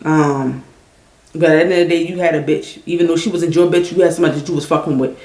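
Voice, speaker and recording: Loud, blunt woman venting. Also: deep voice, fairly even intonation, fast, echoey room. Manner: loud, blunt and heavily profane. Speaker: vlogger venting on a livestream. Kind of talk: angry venting story.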